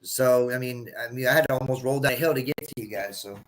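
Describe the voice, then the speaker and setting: A man's voice: mid-range voice, fast, fairly bright tone. A man in casual livestream chat, rambling and repeating phrases as he tells a story.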